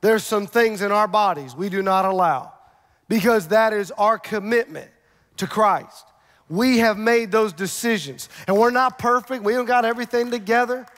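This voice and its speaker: High-voiced preaching man in a reverberant hall. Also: moderate pace. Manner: energetic preaching with rhetorical questions and humor. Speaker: pastor. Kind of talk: sermon. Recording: long reverb of a large church hall.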